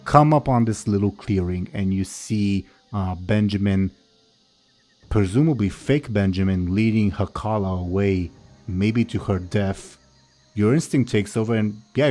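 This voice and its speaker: A man narrating a tabletop game as game master, explaining rules step by step in a measured way. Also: lowish voice, dark tone, soft background music.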